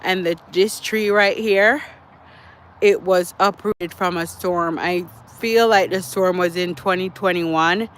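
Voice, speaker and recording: A Jamaican man hosts a casual livestream while walking an outdoor track near the woods at dusk, chatting with viewers and repeating himself as he gets out of breath. His voice sits high and sounds fairly bright and clean, with a steady tone and a slow pace.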